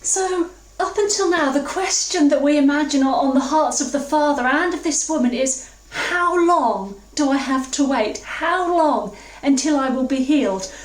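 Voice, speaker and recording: A woman from England preaching a sermon, reflective and earnest, slowing down to stress key words. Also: high-pitched. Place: church hall. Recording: roomy, distant mic.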